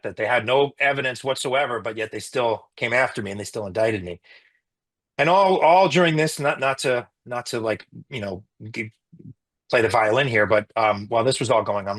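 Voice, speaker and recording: A middle-aged man speaks in an interview about what happened to him, with a husky, slightly breathy voice at an ordinary pitch. He is earnest and often restarts his sentences, and his indignation rises as he goes. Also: a little fast, fairly bright tone. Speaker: emergency physician and interview guest. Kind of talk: emotional personal account in an interview.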